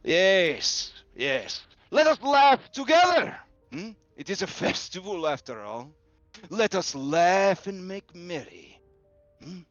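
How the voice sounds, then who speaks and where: A man voicing a grief-maddened, cruel male baron who rants at his subjects in booming, theatrical speeches. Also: sing-song, slow pace, fairly bright tone, no echo, soft background music, heavily acted. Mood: wrathful. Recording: dull lo-fi audio.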